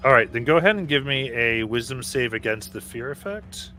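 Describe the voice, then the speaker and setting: Bright-toned man running a tabletop game. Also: medium pitch, animated, soft background music. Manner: calls for saves and narrates turns briskly. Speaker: game master.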